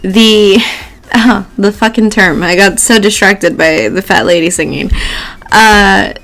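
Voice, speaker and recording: A woman's voice: mid-range voice, slow, fairly bright tone, faint music behind. Chatty, swearing woman host. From Mexican. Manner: chatty, swears often, laughs a lot, mixes in Spanish words. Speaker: host and tarot reader. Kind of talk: casual chat while doing makeup.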